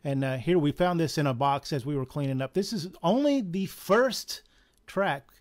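A Southern-accented man runs a live comic shop sale, chatting and joking as he prices items. His voice is fairly high with lively intonation at a moderate pace, and he chuckles through jokey asides in casual sale patter.

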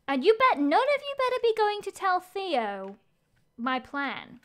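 High-voiced excitable woman streamer. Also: normal speed. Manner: excitable, narrates her own play aloud. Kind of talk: live game-stream chatter.

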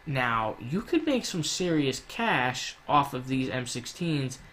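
A man's voice: medium pitch, sing-song, takes it slowly, fairly bright tone, slight background noise. A man giving casual, rambling gameplay commentary, swearing often and drifting into rants. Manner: rambling, profane, ranting. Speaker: gaming YouTuber.

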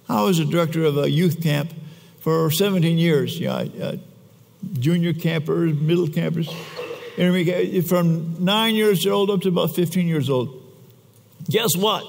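A man's voice: a little high, normal speed, creaky, a little mellow. A man preaching a conversational sermon, often putting questions to the congregation. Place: church. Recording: echoey church hall.

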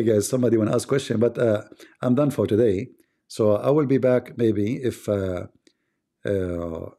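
A man's voice: fairly low pitch, creaky, warm tone. A man with a foreign accent hosting a live stream, reading viewer comments and teasing his audience. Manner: joking and teasing, often laughing.

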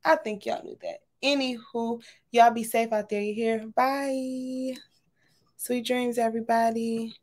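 A woman's voice: a little high, fairly even intonation, a little slow. Chatty woman hosting a livestream. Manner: warm, chatty, says y'all often. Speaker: livestream host. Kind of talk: casual livestream sign-off chat.

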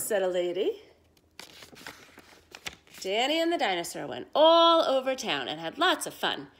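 A woman reads a children's picture book aloud with expressive, animated storytelling. Her voice is medium in pitch, and she takes her time, leaving long pauses.

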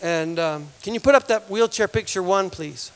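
High, gravelly-voiced man preaching in a hall. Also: normal speed. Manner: rambling, repeats words, laughs and grows animated. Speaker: guest speaker. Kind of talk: storytelling sermon. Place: church hall. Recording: long hall reverb.

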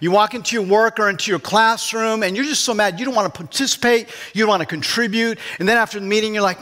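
A man's voice: high-pitched, fast talker, hardly any pauses, bright, forceful tone. A man, a pastor, preaching a conversational sermon and putting questions to his congregation in church.

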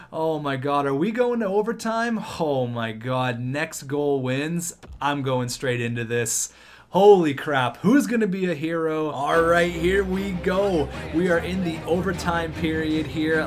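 A fairly high-voiced man commentates his own hockey video game with quick, excitable energy. He bursts into shouts at the big plays. Faint music plays behind him. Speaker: gaming YouTuber. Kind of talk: gameplay commentary.

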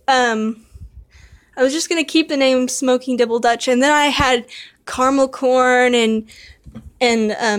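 A woman filming an unboxing vlog, gushing and excitable, talking to her viewers while tired late at night. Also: on the high side. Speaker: vlogger unboxing a model horse.

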